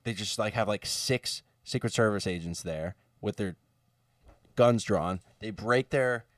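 Young man, very low voice, casual rambling storyteller, dry distant mic. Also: unhurried, no room sound. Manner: rambling, many "like" fillers. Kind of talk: casual chat.

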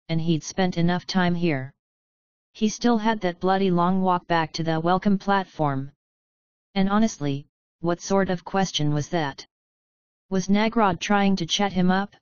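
A woman narrating a fantasy audiobook in clear, even storytelling. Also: fairly low pitch, no echo. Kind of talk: scripted narration. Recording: slightly dull, dry studio sound.

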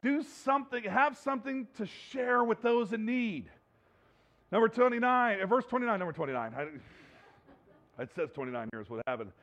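A man's voice: high-pitched, expressive, normal speed, fairly bright tone. A man preaching a sermon, earnest, often repeating himself and restarting his sentences. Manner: earnest, repeats words and restarts, laughs between points. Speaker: pastor.

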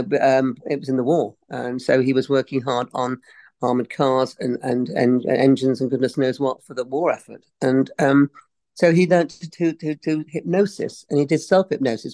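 A woman's voice: extremely low pitch, fairly even intonation, moderate pace, dark tone, dry recording. Female, 60s, English actress guest; chatty, tangent-prone, giggly, dry sound. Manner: chatty, digressive, laughs often. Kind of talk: casual interview chat.

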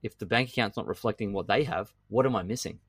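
A middle-aged man, a podcast guest talking in an emphatic, animated way and often repeating himself. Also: lowish voice, fast talker, slightly rough, no room sound. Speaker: guest entrepreneur. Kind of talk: podcast conversation.

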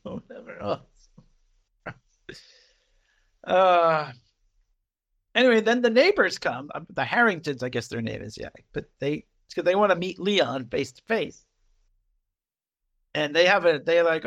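A podcast co-host talks through a TV episode in a loose, chatty way, slipping into voices for the characters. His voice sits high and swoops widely. There is a gravelly edge to it. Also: a little slow, pauses often, highs cut off. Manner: animated retelling, acting out quotes, laughing often. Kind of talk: casual chat.

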